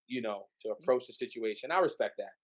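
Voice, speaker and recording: A man's voice: medium pitch, fast. A man from the Bronx, a podcast guest telling a personal story in casual chat, acting out the voices of the people in it. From the Bronx, New York. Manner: animated, acts out voices in his stories.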